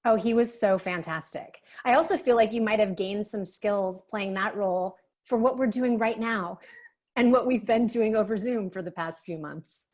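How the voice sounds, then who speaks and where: A woman's voice: mid-range voice, moderate pace, a little mellow. Chatty, upbeat woman host. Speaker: interview host. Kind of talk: casual interview.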